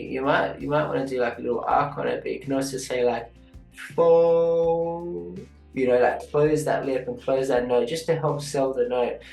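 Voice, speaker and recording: A man with a gravelly, fry-tinged voice talks through an animation critique in a loose, chatty way, now and then half-singing a phrase to demonstrate. He sounds like he is in an echoey room, with faint guitar music underneath. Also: mid-range voice. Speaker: animation reviewer. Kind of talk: casual teaching critique.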